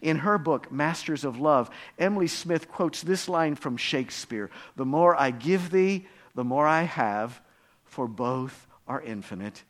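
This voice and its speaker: A man preaching a sermon in a somewhat high voice. He tells stories earnestly, drops into hushed, low passages and then rises to loud, emphatic peaks. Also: measured pace. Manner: earnest, preacherly storytelling with humor. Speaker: pastor.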